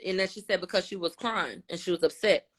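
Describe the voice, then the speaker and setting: A woman giving a casual spoken recap, retelling what others said with shifts in tone and loudness. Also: on the low side, a little fast. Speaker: commentator.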